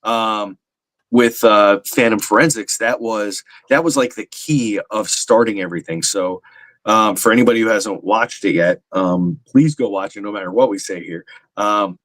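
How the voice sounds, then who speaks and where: Male podcast guest, low voice, earnest and rambling, recorded dry. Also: moderate pace, fairly bright tone, dry recording, low-quality recording. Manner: earnest, rambling, frequent fillers. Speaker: paranormal medium, podcast guest. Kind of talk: casual podcast chat.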